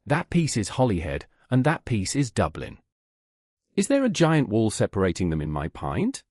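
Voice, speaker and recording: A man voicing a stubborn, loud male pub quiz contestant who barks his points indignantly. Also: fairly low pitch, huge pitch swings, normal speed, no echo, studio quality. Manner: barking, indignant.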